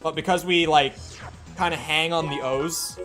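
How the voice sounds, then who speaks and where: A man's voice: fairly high pitch, steady tone, normal speed, music in the background. A man with a Minnesotan accent chatting casually while streaming a game, rambling with lots of "like" and fillers. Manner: rambling, filler-heavy, with frequent "like". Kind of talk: casual chat while playing.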